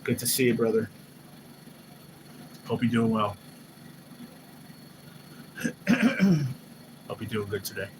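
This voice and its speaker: A man hosting a live stream, chatting casually and excitably, swearing loosely and often mimicking what others said. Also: on the low side, normal speed, long pauses. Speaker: livestream host. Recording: noisy background hum.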